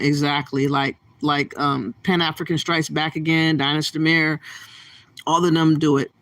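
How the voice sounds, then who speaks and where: A man hosting a casual livestream from his phone, reading viewer comments aloud in a relaxed way with fillers. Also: fairly high pitch, moderate pace, no room sound. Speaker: livestream host.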